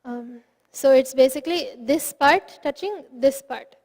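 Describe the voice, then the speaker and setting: A woman's voice: sits high, unhurried, darkish tone. A woman teaching Sanskrit phonetics in an online lesson, explaining patiently and voicing the sounds aloud to demonstrate them. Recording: long reverb.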